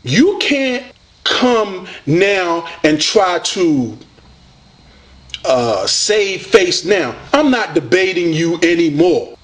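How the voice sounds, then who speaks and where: A man rants straight at a rival, combative and preachy, with a mocking edge. His voice sits high for a man. His pitch swings widely as he presses each point. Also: sing-song, extremely slow. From United States. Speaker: online debater addressing a rival. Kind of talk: confrontational video rant.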